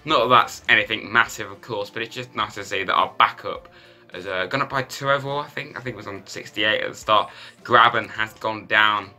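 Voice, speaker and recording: A man commentating his football video game in a lively, self-mocking way. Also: on the low side, brisk. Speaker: gaming YouTuber.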